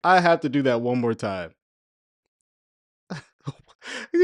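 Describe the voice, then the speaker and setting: A woman's voice: on the low side, very animated, unhurried, long pauses, darkish tone, no echo, studio quality. A woman host giving chatty, amused reaction commentary, laughing often.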